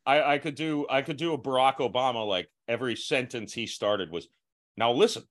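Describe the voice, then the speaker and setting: A man's voice: medium pitch, steady tone, brisk, a bit bright. A man hosting a podcast in casual chat, laughing often and joking at his own expense. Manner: laughs often, self-deprecating. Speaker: podcast host.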